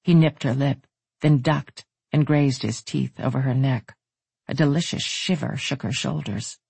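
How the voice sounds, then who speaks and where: A narrator reading a romance audiobook in an even, intimate way. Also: mid-range voice, a little slow, gravelly, breathy edge, no echo.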